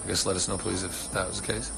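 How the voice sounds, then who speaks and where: A man's voice: deep voice, flat delivery, fast, vocal fry, music in the background. A man hosting a casual livestream, rambling earnestly and swearing freely as he answers fans. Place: home on a ranch.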